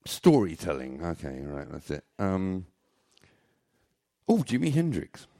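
Deep gravelly older man telling stories. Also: wildly swooping pitch, a little slow, warm tone. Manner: rambling, jokey, self-mocking. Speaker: storyteller. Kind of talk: live stage storytelling. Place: live stage venue.

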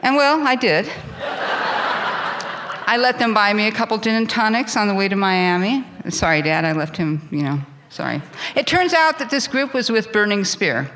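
A middle-aged woman from California tells a true story from her past on stage. She sounds candid and self-mocking, and she laughs at her own mistakes. Her voice has a bright, forceful edge. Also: medium pitch, lively intonation, normal speed. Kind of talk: live personal storytelling.

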